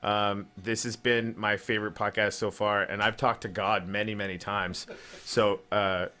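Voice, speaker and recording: A man's voice: fairly low pitch, level tone, normal speed, sharp tone. A man hosting a podcast, chatting casually, laughing often and stumbling over his words. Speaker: podcast host. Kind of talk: casual chat.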